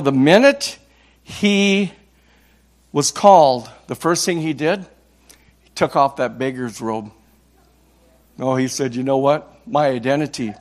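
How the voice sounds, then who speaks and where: A man in his sixties from Minnesota, an evangelist preaching a passionate sermon, repeating words and building to loud cries. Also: on the high side.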